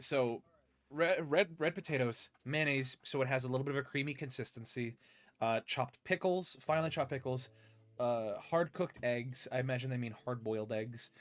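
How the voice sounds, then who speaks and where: A man hosting a casual chat, reading recipes aloud and laughing often. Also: mid-range voice. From United States. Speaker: podcast host.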